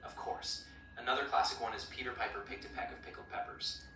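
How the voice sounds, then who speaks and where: A synthetic male voice assistant coaching pronunciation in an upbeat, encouraging way with even-paced explanations. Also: mid-range voice, quick pace. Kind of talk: friendly coaching chat. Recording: roomy, distant speaker playback with clear noise.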